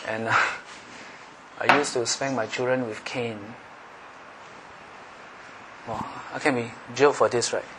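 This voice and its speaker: A middle-aged man preaching a sermon as pastor, swinging between loud, emphatic passages and soft, confiding asides. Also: mid-range voice, fairly even intonation, measured pace, pauses often, very noisy.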